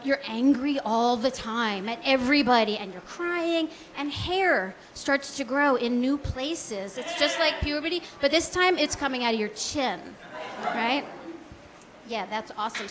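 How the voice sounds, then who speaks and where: A woman's voice: sits high, a bit bright, slight background noise. A woman in her forties doing a stand-up comedy set, chatty and self-deprecating, full of likes and ums. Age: 40s. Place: small comedy club stage.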